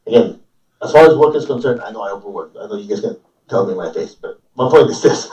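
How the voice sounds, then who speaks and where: A man's voice: on the low side, expressive, quick pace, mellow, dull audio. Man teaching in a roomy, distant recording. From Chinese family. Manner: joking, asks the audience questions. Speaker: spiritual teacher. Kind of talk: informal sermon to a group. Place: room with a live audience.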